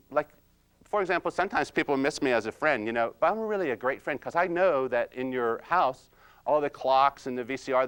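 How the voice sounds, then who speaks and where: A man playing a quiet, precise, nerdy analyzer-type husband in comedic role-play, slow and hesitant with many ums and "you see?". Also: mid-range voice, clear, resonant tone, natural voice. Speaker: personality-styles trainer.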